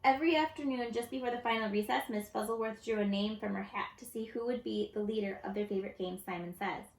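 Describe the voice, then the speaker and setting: A woman with a mid-range voice reads a children's picture book aloud at a quick pace, lively and expressive like a storyteller. The recording has an echoey room sound.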